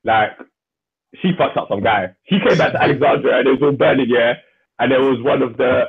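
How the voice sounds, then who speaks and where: A man, co-hosting a casual chat and retelling a TV episode in animated slang. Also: mid-range voice, brisk. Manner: animated storyteller acting out scenes in slang. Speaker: podcast co-host. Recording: husky voice over a tinny phone-like line.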